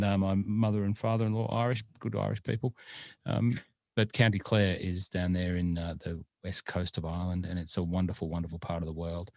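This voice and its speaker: A man with a very deep voice co-hosts a golf podcast in easygoing chat. He rambles along with plenty of fillers and false starts. The sound is dry and close, with no room around it. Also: no echo. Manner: rambling, with many fillers and restarts.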